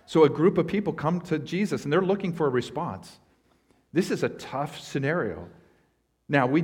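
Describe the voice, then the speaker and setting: A man's voice: mid-range voice, breathy edge. Man preaching an earnest sermon. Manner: earnest expository preaching with emphatic swells. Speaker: pastor.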